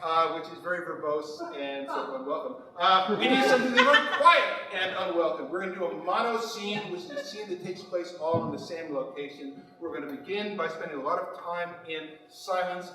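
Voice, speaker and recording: A man's voice: high voice, lively intonation, brisk, few pauses, crowd noise. A young man improv performer bantering onstage, wry and self-deprecating, playing emcee to the audience. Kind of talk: live stage comedy banter. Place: theater stage. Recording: echoey theater hall from far off, noise.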